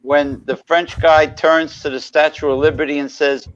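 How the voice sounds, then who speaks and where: A man's voice: a little high, level tone, moderate pace. A man co-hosting a casual talk show, rambling through anecdotes and greeting viewers in the chat. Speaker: podcast co-host. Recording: dry, dull lo-fi mic.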